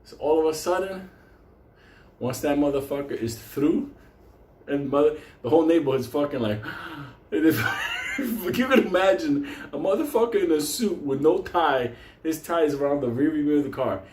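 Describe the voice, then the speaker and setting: Animated, profane male storyteller. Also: a little high, moderate pace, reverberant, a little hiss or hum. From New York. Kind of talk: casual storytelling.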